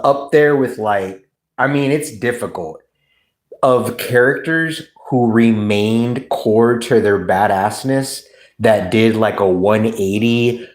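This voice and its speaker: A man hosting a livestream, chatting casually and acting out comedy bits he knows by heart. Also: mid-range voice. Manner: animated, laughing, reciting comedy bits. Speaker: livestream host. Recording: roomy echo.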